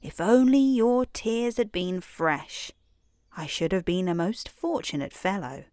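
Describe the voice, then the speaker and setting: A woman's voice: medium pitch, measured pace, darkish tone, dry recording, studio quality, close to an everyday voice. Woman doing a fussy storybook frog. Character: fussy talking frog, fretful and lively.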